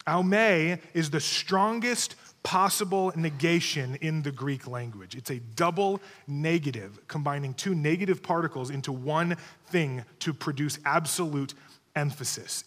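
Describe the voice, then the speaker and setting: A man's voice: a little high, a bit bright. A man preaching a sermon, teaching emphatically, repeating key words and checking in with his listeners. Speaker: pastor. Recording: long hall reverb.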